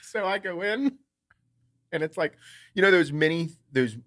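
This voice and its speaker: A man co-hosting a podcast, telling a lively family story with lots of swearing and laughter. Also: high voice, measured pace. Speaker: podcast co-host. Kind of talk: casual storytelling.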